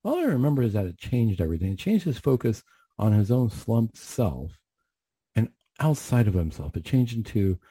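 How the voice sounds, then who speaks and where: A man's voice: on the low side, very animated, normal speed, dark tone, breathy edge, no echo. A man, a mental health clinician, telling a story on the radio in an earnest, reflective way with frequent restarts.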